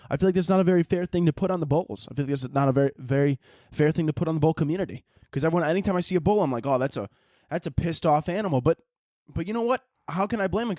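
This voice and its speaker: Fast-talking young man hosting a podcast. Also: sits high, a little mellow, dry recording, studio quality. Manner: rambling, profane, jokey. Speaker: podcast host. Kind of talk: casual comedic monologue.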